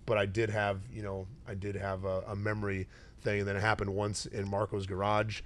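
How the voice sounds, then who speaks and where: A middle-aged man, a retired fighter hosting a relaxed interview, tells stories in a slightly low voice. He gets animated and acts out the voices of people in his anecdotes. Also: brisk, slight background noise. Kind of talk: casual interview chat.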